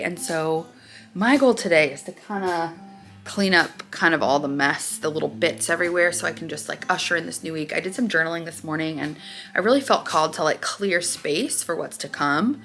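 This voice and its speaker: A woman's voice: lowish voice, fairly bright tone. A young woman chatting in a vlog, bubbly and gushing, filling her talk with "like" and "oh my God". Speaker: vlogger. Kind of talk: casual vlog chat. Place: in a car at a drive-through.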